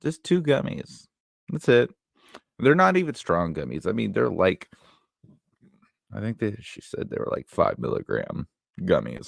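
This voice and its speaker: Low gravelly laid-back young man. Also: no echo, clean studio sound. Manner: laid-back, rambling, swears casually. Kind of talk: casual chat.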